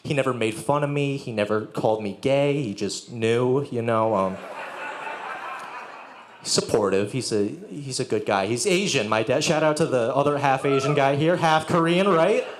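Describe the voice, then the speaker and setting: A man's voice: medium pitch, moderate pace, a little hiss or hum. Sardonic male stand-up comic. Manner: sardonic, crowd work with profanity. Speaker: stand-up comedian. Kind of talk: stand-up set. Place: live music venue with audience. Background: audience laughter.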